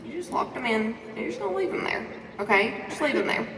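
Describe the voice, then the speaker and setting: A woman with a fairly high voice delivers a motivational talk from the stage, preachy and lively, firing questions at the crowd. She sounds set back from the mic, and a long echo trails her words through the hall. A faint hum of the room sits underneath. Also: fast, vocal fry. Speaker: conference speaker. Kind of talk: motivational talk to a live audience. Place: large conference hall. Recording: echoey hall recording from a distance.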